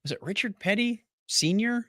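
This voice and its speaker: In a dry, studio-quality recording, a podcast co-host with a high, expressive voice, a bit bright, speaks at a moderate pace. He wanders through a story in casual chat, laughing a lot along the way.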